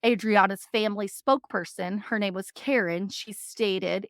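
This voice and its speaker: Woman, true crime podcast co-host, reads cases and chats, mid pitch, dry close mic. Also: moderate pace, gravelly, hardly any pauses, fairly bright tone, dry recording. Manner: reads case notes, then chats with emphatic agreement.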